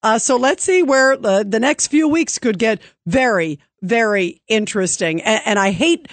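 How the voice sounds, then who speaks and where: A woman's voice: fairly high pitch, expressive, moderate pace, dry recording. A woman hosting a call-in talk radio show, chatty and opinionated, with many fillers.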